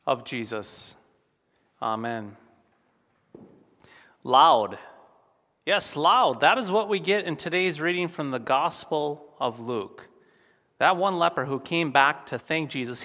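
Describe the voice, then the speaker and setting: Man, pastor, sermon, emphatic, slightly high voice, long church reverb. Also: fairly bright tone. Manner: emphatic, varies volume for effect.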